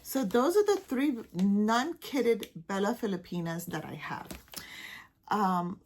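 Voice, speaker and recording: A woman with a Caribbean accent chatting casually as she shows off her stitching patterns, trailing off and dropping to a soft near-whisper now and then. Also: medium pitch, expressive, slow pace, a little hiss or hum. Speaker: cross-stitch vlogger. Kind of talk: casual show-and-tell chat.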